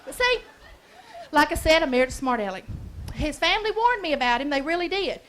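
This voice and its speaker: A Southern-accented woman tells stories on a comedy club stage. Her voice sits very high and rings bright and forceful. She is folksy and brash, building to bawdy punchlines. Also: sing-song, a little fast, a little hiss or hum. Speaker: stand-up comedian. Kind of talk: stand-up comedy routine.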